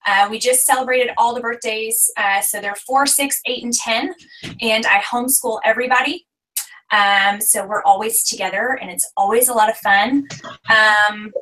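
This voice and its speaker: A woman's voice: fairly high pitch, bright, forceful tone. A woman in her thirties giving an earnest, faith-driven testimony as a guest speaker on a team conference call. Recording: distant voice on a call line.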